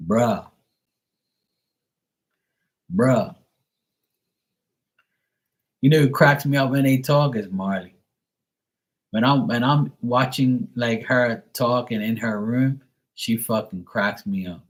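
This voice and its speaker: A man's voice: mid-range voice, a little slow. A man chatting casually on a live stream, loose and profane, often laughing as he talks. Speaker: live tarot reader and streamer.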